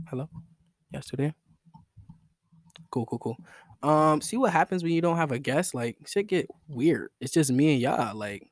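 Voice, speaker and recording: A man's voice: mid-range voice, no room sound, clean studio sound. A young man hosting a solo podcast in a rambling, slangy, self-mocking, joking way. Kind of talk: casual joking monologue.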